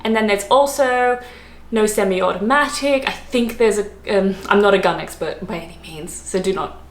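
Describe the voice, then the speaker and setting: A woman's voice: medium pitch, moderate pace, slight background noise. Chatty Australian woman in an echoey room. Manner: chatty, rambling, laughs often, lots of ums and likes. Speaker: vlogger. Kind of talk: casual chat to camera. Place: room, lived in London.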